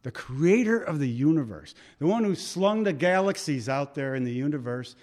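A man's voice: on the high side, animated, moderate pace, a little mellow. A male pastor preaching a sermon in a conversational, storytelling way, acting out voices in his anecdotes.

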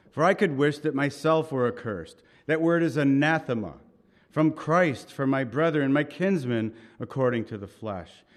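A man preaching a sermon in an earnest, conversational way, with asides and pauses as he reads and explains scripture. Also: mid-range voice, lively intonation. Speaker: pastor.

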